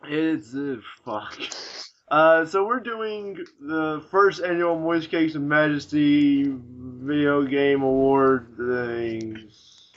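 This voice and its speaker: A man's voice: fairly high pitch, very slow, dull audio, a little hiss or hum. A young man hosting a casual gaming podcast, rambling, swearing freely and laughing at his own jokes. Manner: profane, giggly and rambling. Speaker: podcast host. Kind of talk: casual chat.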